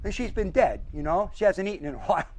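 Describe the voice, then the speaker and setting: A man's voice: high-pitched, expressive, fast talker, darkish tone, slight background noise, low-quality recording. A man preaching a sermon with emphasis, listing his points one by one and asking the audience questions.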